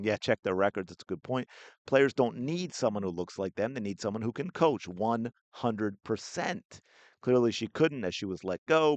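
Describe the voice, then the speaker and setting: A man's voice: fairly low pitch, no echo. A man hosting a sports podcast, giving heated, indignant solo commentary.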